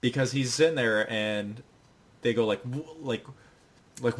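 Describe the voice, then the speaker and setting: Young male podcast co-host, mid-range voice, loose rambling delivery, quick put-on character voices. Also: medium pitch. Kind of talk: casual chat, recapping an anime episode.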